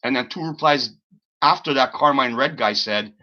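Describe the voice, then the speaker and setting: Man, live-stream host, rambling and fed up, bright voice, muffled lo-fi audio. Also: medium pitch, normal speed. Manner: rambling, exasperated storytelling, swears freely. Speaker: livestream host. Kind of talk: casual live-stream chat. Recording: slightly dull lo-fi stream audio.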